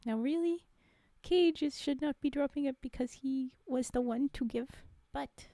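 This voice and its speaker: A woman's voice: sits high, moderate pace, mellow, dry recording, studio quality. A young woman streaming live, chatting casually and rambling with frequent giggles.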